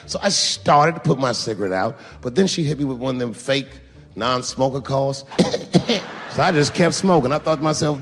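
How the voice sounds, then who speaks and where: A man's voice: mid-range voice, very animated, brisk, a little hiss or hum. A middle-aged man doing stand-up comedy on stage, telling loose, profane stories full of acted-out quotes. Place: comedy stage before a live audience.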